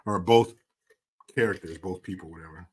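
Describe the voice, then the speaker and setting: A man's voice: low-pitched, normal speed, husky. A man in his forties hosting a live stream, casually chatting and reading out viewer comments in a jokey, profane way, laughing often. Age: 40s.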